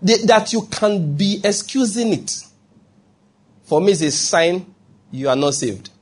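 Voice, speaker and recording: A male pastor delivers a lively sermon in a fairly high, husky voice. He swings between emphatic preaching and playful acted-out voices, often asking the congregation whether they follow. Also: a little slow. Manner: animated preaching, acting out quoted voices, checking in with the congregation.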